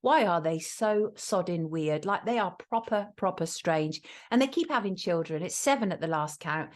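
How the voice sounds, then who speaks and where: A woman's voice: lowish voice, expressive, normal speed. A woman with a British accent hosting a show, delivering a blunt, scornful commentary monologue in a chatty way. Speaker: show host.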